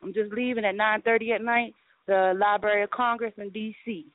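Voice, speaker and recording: A woman co-hosting a call-in show, talking in a rambling, excited way with frequent laughs. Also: mid-range voice, brisk, dry recording. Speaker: radio show co-host. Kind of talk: casual call-in chat. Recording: tinny phone-line audio, dry.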